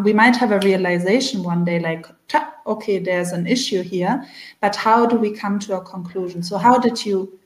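Attentive woman host, echoey room. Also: medium pitch. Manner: attentive, affirming and reflecting back the guest's words. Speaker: podcast host. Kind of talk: interview questions.

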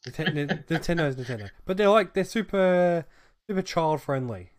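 A man co-hosting a podcast who chimes in with laughs and sweary, excitable riffs in casual banter. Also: on the high side, normal speed. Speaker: podcast co-host.

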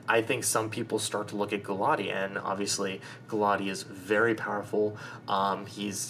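Low-voiced guy rambling on his sports podcast, lots of ums and restarts. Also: a bit bright, slight background noise, poor audio. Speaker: podcast co-host. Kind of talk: casual sports chat.

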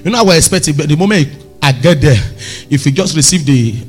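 Pastor guy preaching, husky, lots of up and down, bit of music behind. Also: on the high side, quick pace. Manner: animated, storytelling, bursts into shouts. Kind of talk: sermon.

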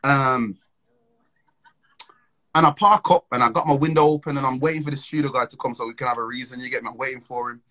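Young man, casual storyteller, slangy and animated, middle-pitched voice, laughs often. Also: fast talker, poor audio. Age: young adult.

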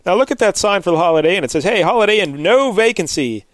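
A man's voice: high-pitched, lively intonation, fast, no echo. Chatty man with a dry close sound. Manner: chatty, joking, asks co-hosts questions. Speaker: podcast host. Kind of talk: casual chat recapping a comic.

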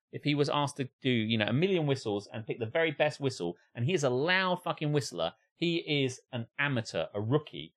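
Male podcast co-host, swears freely, ranting delivery with a very lively, swinging pitch. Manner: sweary, animated ranting with acted-out impressions. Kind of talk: casual chat.

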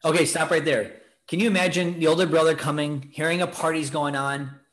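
A man preaching earnestly on a faith podcast, urging his listeners on. His voice sits a little high for a man. He now and then acts out what people in the story think. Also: fairly even intonation, brisk, a bit bright. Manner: earnest, exhorting, acts out quoted thoughts. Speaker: podcast host teaching on scripture. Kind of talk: preaching talk, casual.

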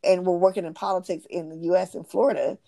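Give me a woman interviewer with a lower voice who chimes in with short encouraging replies. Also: steady tone, fast, creaky, dark tone. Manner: brief encouraging replies and laughter. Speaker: host. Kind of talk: interview chat.

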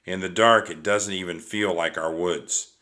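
Man voicing an excitable kid sister, raised pitch, storybook reading, bright sound. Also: normal speed. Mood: hushed. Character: eager excitable young girl.

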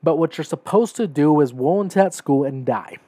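A little high, husky, and mellow, the host's voice comes across animated and a little fast, with no echo. Alone on his podcast, he lays out his opinions emphatically, peppering them with "right?" and "okay?" as his temper rises.

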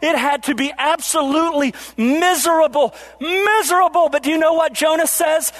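A man preaching a sermon, asking the congregation rhetorical questions and slowing down to stress key lines. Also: extremely high pitch, a bit bright. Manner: preaching with rhetorical questions, varying pace for emphasis. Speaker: pastor.

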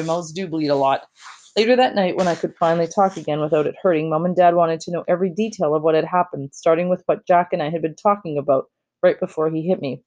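Brief: casual storybook reader, kid-like delivery, warm and mellow. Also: mid-range voice. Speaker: audiobook reader. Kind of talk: reading a children's novel aloud, first-person narration.

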